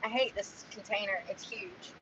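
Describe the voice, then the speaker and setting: A woman's voice: mid-range voice, fairly even intonation, normal speed. A woman, chatting frankly to camera as a vlogger, sighing and swearing when annoyed. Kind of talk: casual chat to camera. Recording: distant, muffled, with clear background noise.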